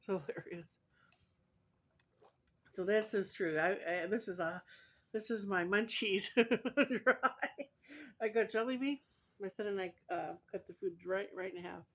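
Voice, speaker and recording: A middle-aged woman chatting casually in an eating vlog, giggling often and sounding relaxed and drowsy. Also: on the low side, moderate pace, long pauses. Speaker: food vlogger.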